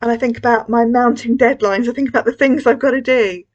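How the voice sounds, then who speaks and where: Expressive woman telling a children's story. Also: on the high side, quick pace, lo-fi sound. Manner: gentle, expressive storytelling to children, with hushed moments. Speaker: school worship leader. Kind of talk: children's collective worship storytelling. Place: church.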